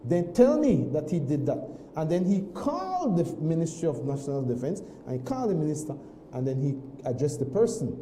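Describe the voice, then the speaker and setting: A man with a very dark, mellow voice tells a story in an animated way, doubling back on his words. He sits a little above the usual male pitch, and the studio around him is roomy and echoey. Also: fairly quick, a little hiss or hum. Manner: animated, repeats himself, many restarts. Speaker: guest. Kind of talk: casual storytelling on a morning show.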